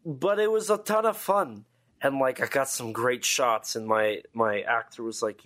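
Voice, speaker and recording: A man's voice: medium pitch, moderate pace, a bit bright. A tired man co-hosting a podcast, chatting casually with lots of fillers and restarts. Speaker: podcast co-host. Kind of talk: casual chat.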